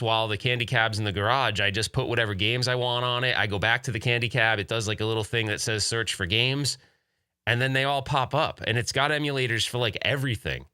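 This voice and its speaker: A man's voice: medium pitch, bright, forceful tone, clean tone, no echo, clean studio sound. A man hosting a casual podcast, talking in an enthusiastic, rambling way with many restarts. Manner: rambling, self-interrupting, enthusiastic. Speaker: podcast host.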